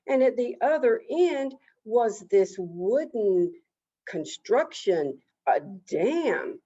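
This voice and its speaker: A woman telling an oral folk tale in an expressive, drawn-out way with repetition, on a dull lo-fi recording. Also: medium pitch. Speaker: storyteller, Native education coordinator.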